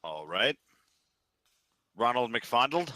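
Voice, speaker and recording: A man with a very bright, forceful voice narrates and referees a tabletop game. He keeps things moving with casual, easygoing rulings. The sound is close and dry, with keyboard typing behind him. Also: mid-range voice, sing-song, no room sound, rough recording. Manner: easygoing, makes quick rulings. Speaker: dungeon master.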